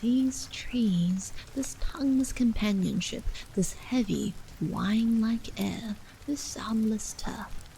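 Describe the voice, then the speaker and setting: A woman reading a horror novel aloud as a bedtime story in a soft, slow whispered role-play, with rain falling behind her. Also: a little high, gravelly, poor audio. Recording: faint rain noise behind.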